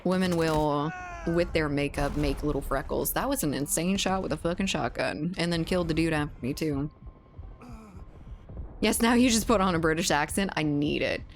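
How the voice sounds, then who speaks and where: A woman's voice: deep voice, moderate pace, a little hiss or hum. A young woman streaming a game, chatting candidly with her chat, joking and laughing often. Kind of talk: casual stream chat while gaming.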